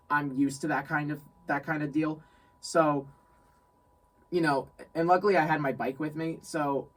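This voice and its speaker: A young man from New York telling a story in casual chat, animated, laughing often and repeating phrases. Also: fairly high pitch, recorded from a distance, poor audio. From New York State. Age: young adult. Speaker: guest friend.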